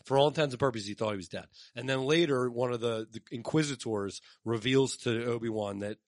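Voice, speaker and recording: A man's voice: mid-range voice, a little fast, dry recording, studio quality. A man co-hosting a comedy podcast, talking casually with lots of swearing and teasing, and slipping into mock voices to quote people. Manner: animated, profane, teasing, puts on voices for quotes. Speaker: podcast co-host.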